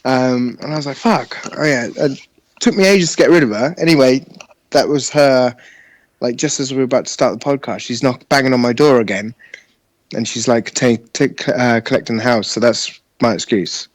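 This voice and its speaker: A man's voice: mid-range voice, normal speed, dry recording. A man co-hosting a gaming podcast, telling a rambling, sweary story and laughing along. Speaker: podcast co-host. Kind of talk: casual storytelling chat.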